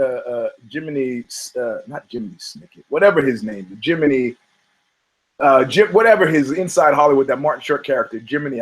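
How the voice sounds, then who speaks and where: Laughing, rambling man, slightly high voice. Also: rough recording. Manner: rambling, profane, laughs often between phrases. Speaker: podcast host. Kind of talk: casual podcast banter about fighting.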